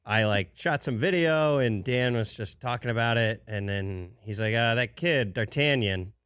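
A young man with a low voice chats easily, telling stories and laughing often. His voice sounds close and dry, with no room sound. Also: normal speed, fairly bright tone, clear, resonant tone, dry recording. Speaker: show regular. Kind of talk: casual chat.

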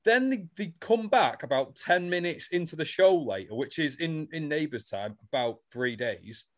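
A man with a slightly higher voice than most, telling a story in a loose, animated way. He swears freely and keeps the chat rolling, like a podcast co-host. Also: normal speed. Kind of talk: casual chat recapping a soap.

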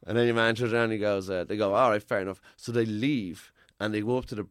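A man with a low-pitched voice tells a story in easy, casual chat, swearing freely as he goes. He acts out the people in his story as he talks. The sound is dry and close, with no room around it. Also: fairly even intonation, fast talker, smooth, dry recording. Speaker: podcast guest telling a story.

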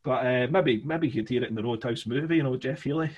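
Husky Scottish man chatting. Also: medium pitch, fast, a little mellow, highs cut off. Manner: rambling, full of "you know" fillers. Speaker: podcast co-host. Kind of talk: casual chat.

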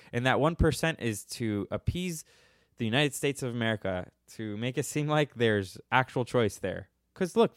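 Recorded dry on a close mic with no echo, a young man hosting a podcast fields listener questions in loose, casual chat. He's irreverent and jokey, often cracking up at his own replies, and his voice is medium-pitched.

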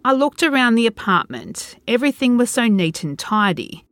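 A woman's voice: on the high side, very animated, normal speed, a bit bright. A woman narrating a first-person horror story in a tense, dread-filled storytelling manner.

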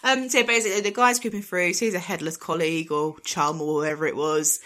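Chatty woman with a lowish voice. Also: brisk. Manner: animated storytelling with acted quotes and laughter. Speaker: podcast co-host. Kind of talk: casual chat recapping a film.

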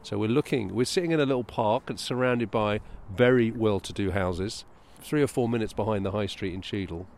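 Low-voiced man chatting outdoors in a park. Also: fairly quick, few pauses, darkish tone. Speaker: podcast co-host. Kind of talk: casual chat and reading aloud on a walk.

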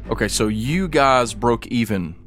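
A man acting as game master, explaining rules and narrating scenes in a relaxed way. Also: medium pitch, measured pace, soft background music. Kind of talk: running a tabletop game.

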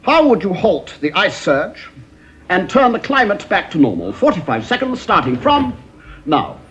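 An actor playing a stern, brusque commander who snaps demands, heard slightly off-mic on a dull old TV soundtrack. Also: male voice, high voice, wildly swooping pitch, moderate pace, fairly bright tone, heavily acted. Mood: demanding. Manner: curt, commanding, theatrical.

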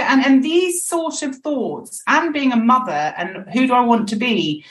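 A woman's voice: on the high side, animated, unhurried, few pauses, roomy sound. A woman in her forties, a podcast guest talking candidly and reflectively in casual conversation.

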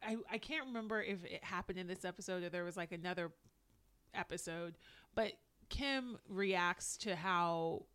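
A woman's voice: lowish voice, normal speed, a bit bright, clear, resonant tone. A woman co-hosting a podcast, chatting casually and filling her talk with "like". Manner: chatty, lots of "like" fillers, quoting people in put-on voices. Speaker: podcast co-host. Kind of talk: casual recap chat.

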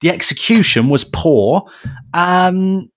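A man, co-hosting a podcast in casual, animated chat, often ranting and restarting his sentences. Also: sits high, slow. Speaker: podcast co-host.

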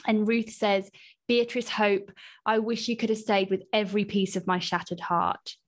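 A young woman co-hosting a casual podcast, reading listener messages aloud and chatting warmly, with the odd swear word. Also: mid-range voice, level tone, normal speed. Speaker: podcast co-host.

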